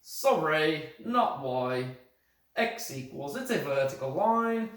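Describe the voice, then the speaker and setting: A man's voice: on the high side, very animated, takes it slowly, fairly bright tone. A male math teacher explaining step by step in a put-on British accent. He corrects his own slips as he goes. He was recorded on a phone for a remote lesson. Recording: echoey room, phone from a distance.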